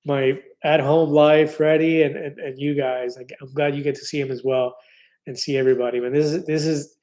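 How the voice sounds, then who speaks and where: A man in his fifties chats through viewer comments on a casual live stream. His voice sits a little high yet sounds warm and mellow. He is upbeat and talkative, full of fillers and quick restarts. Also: flat delivery. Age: 50s.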